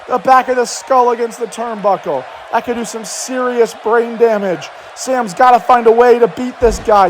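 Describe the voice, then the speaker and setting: A man doing excited play-by-play wrestling commentary over a video game, often shouting. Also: very high-pitched. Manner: loud, hyped, often shouting. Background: video game crowd noise.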